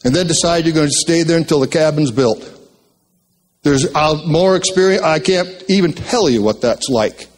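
A man's voice: fairly high pitch, normal speed. An older retired man from Maine telling folksy, joking stories to an audience in a motivational talk. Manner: folksy, joking, animated storyteller.

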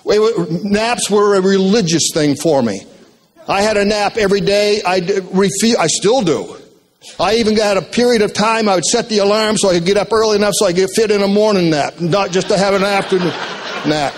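Older man, high-pitched, folksy joking storyteller, motivational talk. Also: normal speed. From Maine. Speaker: retired speaker telling life stories.

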